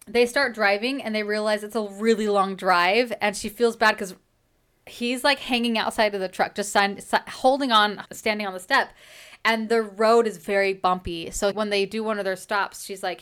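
A woman's voice: medium pitch, normal speed, fairly bright tone, clear, resonant tone. A woman host casually recapping a novel chapter by chapter, gushing and laughing often as she talks. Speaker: book podcast host.

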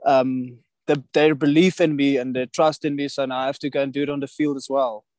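A rugby player as a podcast guest, speaking hesitantly with many pauses and restarts. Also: male voice, medium pitch, little pitch movement, darkish tone, no room sound. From South Africa. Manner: hesitant, many ums and restarts, laughs easily. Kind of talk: casual podcast interview.

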